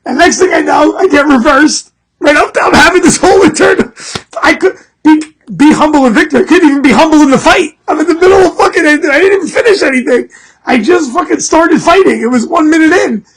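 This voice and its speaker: A middle-aged man hosting a podcast, telling an animated, profane story and laughing through it. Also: extremely high pitch, fairly quick. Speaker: podcast host. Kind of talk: casual storytelling.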